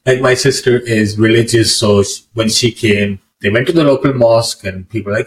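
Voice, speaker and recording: Rambling Pakistani-born man, low and distant. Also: fairly quick, few pauses. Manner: rambling, full of "like" and restarts, laughs often. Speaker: podcast guest. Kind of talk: casual conversational storytelling.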